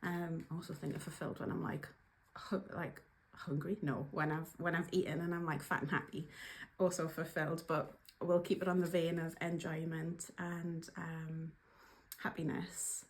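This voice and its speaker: A woman with a Geordie accent chats her way through a reflective vlog, sounding easygoing and friendly. Her voice sits a little low, and she talks with plenty of fillers and the odd self-deprecating joke. There is faint background noise under the recording. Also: little pitch movement, normal speed. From Newcastle upon Tyne, northeast England. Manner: chatty, many fillers, light self-deprecating humor. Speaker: workplace coach and workshop facilitator.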